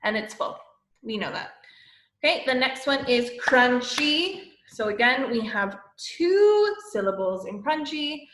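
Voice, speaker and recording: A woman teacher giving a lesson to young children, explaining slowly and patiently and often checking with "okay?". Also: sits high, very animated, background noise. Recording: echoey room.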